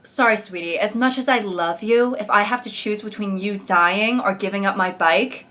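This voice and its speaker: A woman's voice: medium pitch, moderate pace, fairly bright tone. A young woman giving sarcastic comedic commentary on social media posts, mocking them and slipping into exaggerated voices. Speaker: commentary YouTuber.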